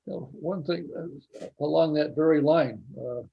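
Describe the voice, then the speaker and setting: A man's voice: on the high side, a little slow, creaky, husky, dull audio. A man hosting a racing talk show, chatting admiringly with his guest over a video call. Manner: admiring, rambling with restarts. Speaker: radio show host.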